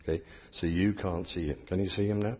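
In a church, a middle-aged priest from England with a low, steady voice preaches briskly and interactively, playfully teasing his volunteers and chatting with those gathered. There's slight background noise, and the lo-fi audio is dull and awash in long church reverb.

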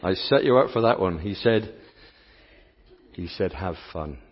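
A man preaching a lively sermon, playful and coaxing the congregation to join in. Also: on the low side, unhurried. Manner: playful, coaxes the crowd to join in. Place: church sanctuary. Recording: dull sound, long church reverb.

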